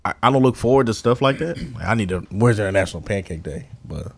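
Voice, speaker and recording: A man's voice: fairly low pitch, quick pace, gravelly. A man co-hosting a podcast, chatting casually and teasing his friends. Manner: animated, teasing, jumps between loud and quiet. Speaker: podcast co-host. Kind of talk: casual chat.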